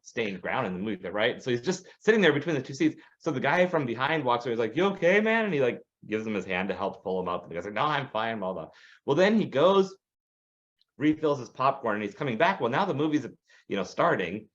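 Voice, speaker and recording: A man's voice: medium pitch, fast. A man tells a story on a casual podcast, with lots of rise and fall in his voice as he slips into the voices of the people he quotes. The recording sounds a bit dull and lo-fi. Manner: animated, acts out quoted voices. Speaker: podcast co-host.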